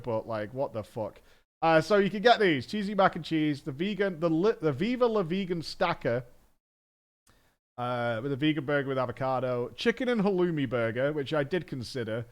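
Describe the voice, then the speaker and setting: A man in his thirties, a streamer rambling in casual chat, reading out a menu with frank asides and the odd swear. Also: on the high side. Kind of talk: casual chat while gaming.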